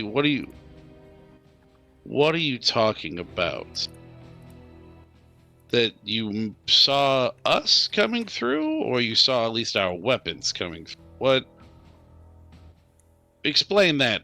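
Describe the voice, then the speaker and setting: Lively, flustered male player. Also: medium pitch. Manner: flustered, stumbling questions. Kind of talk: casual chat in a tabletop game.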